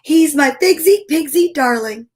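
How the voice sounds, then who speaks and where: Stingy grumpy mama pig cooing over her boy, read by a high-voiced lady. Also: expressive, unhurried, a little mellow. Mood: doting. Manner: fond, doting lines in the reader's near-own voice. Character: sour stingy mother pig who dotes on her son.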